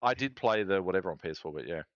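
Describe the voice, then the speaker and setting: A man's voice: low voice, expressive, rapid-fire, dry recording, dull audio. An Australian man in his forties, chatting casually on a live stream, rambling with lots of fillers and restarts.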